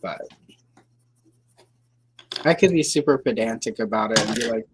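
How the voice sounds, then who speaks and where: A woman's voice: rumbling low, moderate pace, long pauses, breathy edge, no room sound, rough recording. A woman hosting a livestream, chatting casually in a rambling, hedging way with dry sarcasm. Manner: rambling, hedging, full of fillers and self-corrections. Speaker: livestream host.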